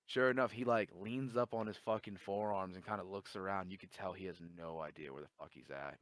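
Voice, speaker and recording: A man's voice: low voice, a little fast, hardly any pauses, no echo. A man telling a long story in casual chat, swearing a lot and acting out the dialogue. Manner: profane, animated storytelling with quoted dialogue.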